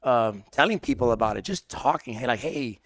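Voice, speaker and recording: A man's voice: medium pitch, lively intonation, fairly quick, a bit bright, no echo. A man playing in the match, speaking earnestly and enthusiastically about the sport and its community. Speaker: player being interviewed. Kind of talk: casual interview chat.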